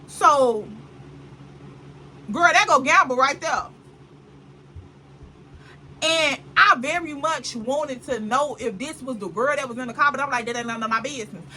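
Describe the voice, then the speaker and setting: A woman vlogger telling a dramatic story in casual chat, animated and full of asides to the viewer. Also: high voice, measured pace, long pauses, a little hiss or hum, poor audio.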